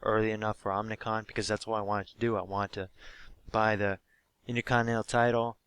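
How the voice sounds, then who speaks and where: A young man with a sore, hoarse throat, recapping a live wrestling show he went to in an animated, swear-heavy way. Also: on the low side, fairly quick, no echo. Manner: animated storytelling, swears freely, acts out quotes. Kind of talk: casual excited recap.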